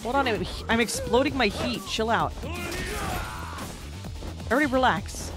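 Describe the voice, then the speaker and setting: A man streaming a video game, giving casual, excitable commentary that swears a lot and shouts sound effects during fights. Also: very high voice, moderate pace, over music.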